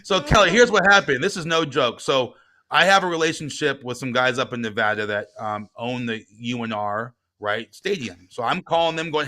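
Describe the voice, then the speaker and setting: A middle-aged man, a guest and author, telling a personal story in casual talk, swinging from quiet reflection to heated retelling. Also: mid-range voice, moderate pace.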